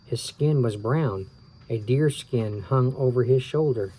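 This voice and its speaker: A man reading a children's book aloud, relaxed and tired, stopping for small asides and rereading his slips. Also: mid-range voice, measured pace, husky, low-quality recording. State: tired, yawning. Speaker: reader of children's books.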